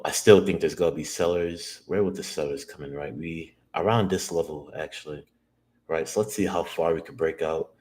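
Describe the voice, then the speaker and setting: Deep-voiced man trading live, thinking aloud. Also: a little mellow. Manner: self-talk, swears, second-guesses himself. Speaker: day trader streaming live. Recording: roomy echo, faint background noise.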